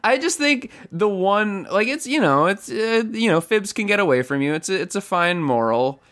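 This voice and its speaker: A podcast co-host in casual chat, joking with quick asides and laughing often. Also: mid-range voice, animated, a bit bright.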